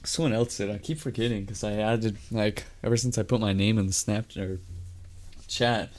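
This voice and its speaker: A man's voice: on the low side, normal speed, a little mellow. A man co-hosting a casual podcast on a headset, rambling through stories and giggling often. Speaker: podcast co-host. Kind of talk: casual chat.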